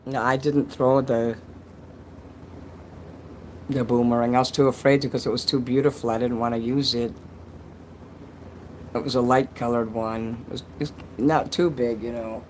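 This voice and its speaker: A man's voice: medium pitch, fairly even intonation, moderate pace, long pauses, darkish tone, rough recording. Rambling male livestreamer, faint noise. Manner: rambling, frequent restarts, crude jokes. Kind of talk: casual livestream chat reading donations.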